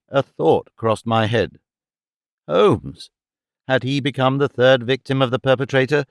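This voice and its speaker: A man narrating a detective story in the first person, even and clear. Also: mid-range voice, no echo, clean studio sound. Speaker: audiobook narrator.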